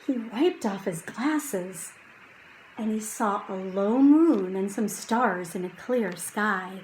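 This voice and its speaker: A woman reading a children's chapter book aloud, slow and hushed at quiet moments and lifting her voice for drama. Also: medium pitch, animated, slight background noise, rough recording. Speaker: audiobook reader.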